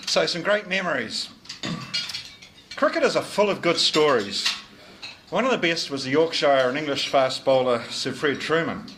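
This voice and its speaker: A middle-aged New Zealand man acts as club sergeant at a club lunch, collecting fines in a jovial, teasing after-dinner speech in the dining room. His voice sits on the high side with lively intonation, a moderate pace, and a fairly bright tone, plus a little hiss or hum.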